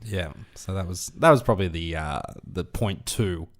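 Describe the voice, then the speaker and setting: A man's voice: deep voice, moderate pace. A young Australian man co-hosting a podcast, telling stories in a laid-back, dry way. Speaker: podcast co-host. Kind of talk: casual chat.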